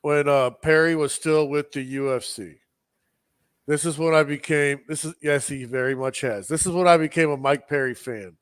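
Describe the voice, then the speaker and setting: Animated, foul-mouthed man telling a story. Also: on the high side, moderate pace, clear, resonant tone, dry recording, studio quality. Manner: animated storyteller, swears a lot, acts out quotes. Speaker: podcast co-host. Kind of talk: casual chat.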